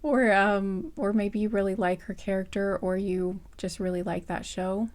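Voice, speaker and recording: A woman giving a casual pick-a-card reading, her voice slightly hoarse from an irritated throat, thinking aloud in a soft, hesitant, rambling way with many fillers and restarts. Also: mid-range voice, fairly even intonation, moderate pace. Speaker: tarot card reader.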